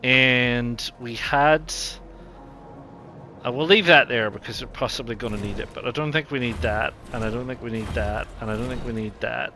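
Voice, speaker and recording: A man's voice: medium pitch, normal speed, sharp tone, slight background noise. A man with a New Zealand accent casually commentating a strategy game, thinking aloud with lots of ums. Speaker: gaming channel host.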